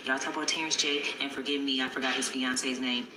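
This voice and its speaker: A woman's voice: rumbling low, level tone, fast. A woman, ranting bluntly and fired up in a social media clip. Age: 40s. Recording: echoey distant phone video with noise.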